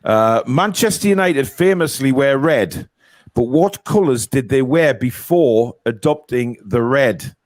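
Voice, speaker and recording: A man's voice: medium pitch, animated, a little slow, dry recording, studio quality. A man with a North East English accent hosting a casual football quiz, joking and teasing the players and swearing freely. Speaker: quiz host.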